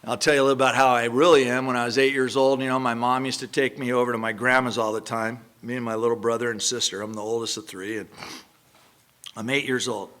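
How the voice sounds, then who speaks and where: A man's voice: mid-range voice, flat delivery, fast talker, a bit bright. A man in his sixties from Southern California, speaking at a recovery meeting. He tells his personal story bluntly and earthily, with rambling "you know" asides. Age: 60s.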